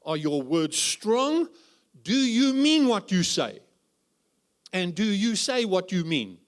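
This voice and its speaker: A man's voice: sits high, sing-song, slow. A man preaching as a guest speaker at a church conference, humorous and full of rhetorical questions. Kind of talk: conference sermon.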